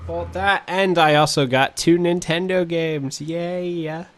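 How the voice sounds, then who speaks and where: A man's voice: fairly high pitch, a little slow, fairly bright tone, a little hiss or hum. Sweary tired young man hosting. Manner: sweary, tired, yawning, easily distracted. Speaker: podcast co-host. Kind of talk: casual gaming podcast chat.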